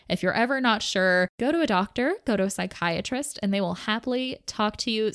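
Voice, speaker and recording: A woman's voice: medium pitch, fairly bright tone. A woman hosting her own podcast, talking through her thoughts in a rambling, self-questioning way, bubbling over when she thanks listeners. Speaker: podcast host. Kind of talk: casual solo podcast monologue.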